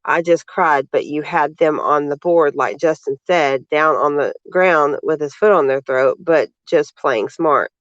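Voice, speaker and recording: A man with a fairly high voice reads other people's posts aloud and cuts in with sarcastic, indignant remarks. The audio is dull and lo-fi, with a dry, close sound. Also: measured pace, hardly any pauses, a bit bright, no echo. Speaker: vlogger. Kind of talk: reading out social media posts with commentary.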